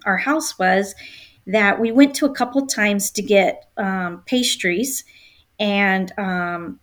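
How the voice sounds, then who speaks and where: A woman who is a travel agent guest, in casual chat, talking freely with many filler ums and pauses to search for words. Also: mid-range voice.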